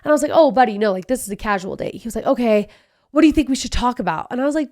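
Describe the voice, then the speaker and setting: A woman in her thirties talks through her week on her own podcast, chatty and animated. She tells stories quickly, with lots of asides. Her voice sits a bit high. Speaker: podcast host. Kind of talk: casual solo podcast chat.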